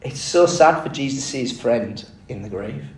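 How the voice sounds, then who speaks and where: A man preaching a conversational sermon, telling the story with lively asides and rhetorical questions. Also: medium pitch, normal speed. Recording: echoey room, mic at a distance.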